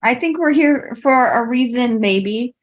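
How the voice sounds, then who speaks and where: A woman's voice: on the high side, lively intonation, a little slow, pitched above the performer's own voice. A woman voicing an awkward, evasive young dwarf woman who stammers and hedges her replies. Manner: hesitant, stammering.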